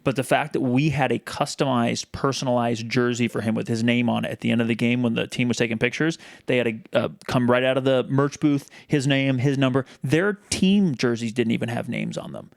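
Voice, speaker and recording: Male co-host, casual, gravelly tone, dead-dry close mic. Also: mid-range voice, brisk, hardly any pauses, no room sound. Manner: chatty, many restarts and fillers. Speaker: podcast co-host. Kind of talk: casual chat.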